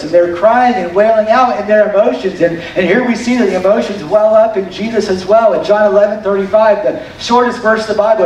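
A male pastor preaching a sermon in an animated, conversational storytelling manner, with added emphasis on key points. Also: sits high, slight background noise. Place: church sanctuary. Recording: very echoey hall, distant mic.

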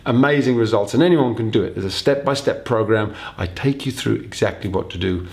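A man's voice: fairly low pitch, brisk, gravelly, a little mellow. A man who trains dogs, giving chatty, upbeat advice straight to the camera and repeating his main points. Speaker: dog trainer. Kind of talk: direct-to-camera advice video.

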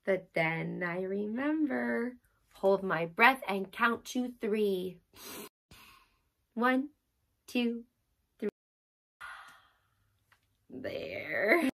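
A woman's voice: fairly high pitch, creaky, a bit bright. A woman leading a children's drama play session, acting out a story with big gasps and sighs.

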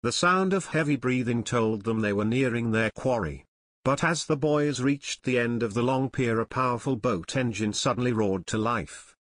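A man reading a novel aloud as an audiobook narrator, steady and measured. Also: mid-range voice, dry recording, clean studio sound. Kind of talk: scripted narration.

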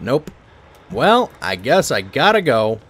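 A man's voice: mid-range voice, big pitch swings, slow, fairly bright tone, slightly rough. A man chatting casually while streaming a horror game, joking at his own expense. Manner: chatty, self-deprecating. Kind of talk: live gameplay commentary.

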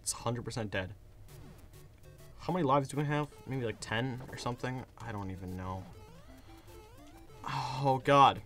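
A hoarse young man giving casual commentary while playing a game, getting frustrated and yelling at it. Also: mid-range voice, a little slow, pauses often, faint music behind. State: hoarse, voice worn out. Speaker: gaming video creator.

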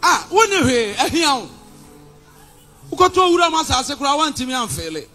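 A Ghanaian man preaching with fiery defiance, his voice unusually high and swinging widely in pitch. He shouts and switches between Twi and English. Faint music plays under the sermon. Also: sing-song, moderate pace. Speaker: pastor.

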